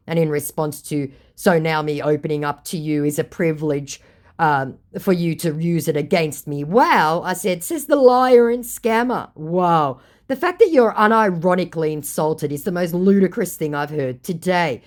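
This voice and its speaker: A woman's voice: deep voice, normal speed, darkish tone. A woman telling a storytime vlog about chatting with a scammer, sarcastic and exasperated. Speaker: storyteller recounting a chat with a scammer.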